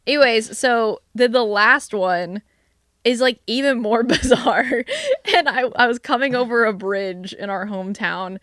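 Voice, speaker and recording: A young woman co-hosting a casual podcast, telling animated, swear-filled stories full of "like"s. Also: on the high side, a little slow, dry recording, clean studio sound. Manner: animated, profane storytelling with many "like"s. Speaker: vlogcast co-host. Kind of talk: casual chat.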